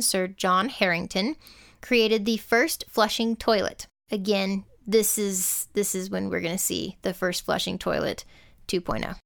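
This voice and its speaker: A woman's voice: medium pitch, creaky, fairly bright tone. A woman co-hosting a casual history podcast, reading out prepared facts and then cracking dry jokes. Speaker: podcast co-host.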